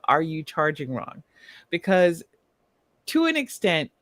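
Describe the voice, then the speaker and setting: A woman's voice: lowish voice, dry recording. A woman co-hosting a casual news discussion podcast, explaining points at length and laughing between them. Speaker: podcast co-host.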